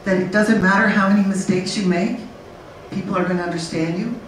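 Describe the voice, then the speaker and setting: A woman speaking on a conference panel in a lively, blunt way, acting out learners and babies. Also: medium pitch, fairly quick. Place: conference room. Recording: very echoey room from far off, faint noise.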